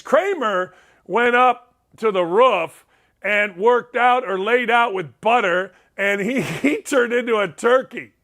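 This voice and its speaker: A male show host giving casual, blunt, wisecracking reaction commentary on viral clips, now and then shouting in disbelief. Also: high voice, lively intonation, unhurried.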